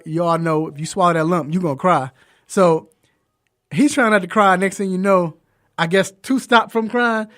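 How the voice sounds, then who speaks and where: A man hosting a casual sports talk show, animated and laughing, with loose slangy banter. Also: on the high side. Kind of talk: casual sports commentary chat.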